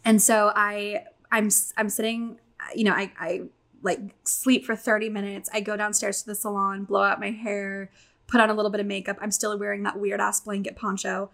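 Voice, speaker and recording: A young adult woman telling a long story in casual chat, animated and swearing, acting out quotes. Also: mid-range voice, normal speed, creaky.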